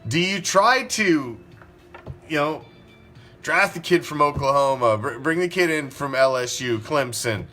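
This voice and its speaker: A man's voice: fairly high pitch, a little slow, sharp tone, faint music behind. A man hosting a sports talk show, ranting profanely and firing off rhetorical questions. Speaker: sports podcast host.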